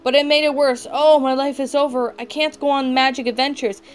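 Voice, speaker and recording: A woman's voice: high-pitched, steady tone, a little fast, slight background noise, voice pushed up, natural voice. A woman doing a panicked young boy. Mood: despairing. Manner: panicked, pleading, wailing. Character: frightened young boy turning into cats. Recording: music playing underneath.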